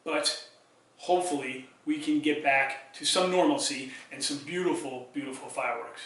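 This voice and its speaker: A man's voice: fairly high pitch, moderate pace, distant mic, noisy background. A man hosting a solo talk show, chatting upbeat and asking his viewers questions. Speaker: host. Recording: echoey room, voice a bit off mic.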